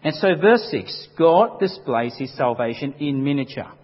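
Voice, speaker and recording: A man's voice: on the high side, animated, moderate pace, husky. A man preaching an emphatic sermon, acting out quotes dramatically as a pastor. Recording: dull lo-fi recording with long hall reverb.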